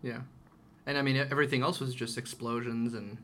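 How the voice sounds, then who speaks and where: A man's voice: mid-range voice, flat delivery, a little fast, a bit bright. A man co-hosting a podcast, chatting casually about a film and readily agreeing with his partner. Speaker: podcast co-host. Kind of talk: casual movie discussion.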